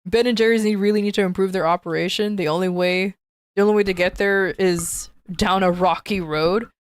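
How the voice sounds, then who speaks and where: A woman chats casually on her stream in a mid-range voice, playful and quick with a joke. She laughs often between remarks. Her voice sounds dry and close, with no room around it. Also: mid-range voice, steady tone, clear, resonant tone, dry recording. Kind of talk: casual live-stream chat.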